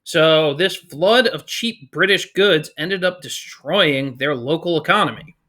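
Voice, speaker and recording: A male history teacher giving a casual, energetic, jokey lecture to his class. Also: on the high side, a little slow.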